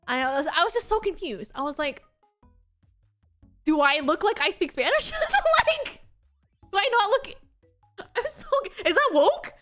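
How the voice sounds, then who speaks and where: A young American woman streamer chatting casually, telling animated travel stories with frequent giggles. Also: extremely high pitch, a little slow, pauses often, faint music behind. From United States. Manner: giggly, animated storytelling with quoted voices. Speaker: VTuber streamer. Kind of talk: casual chat.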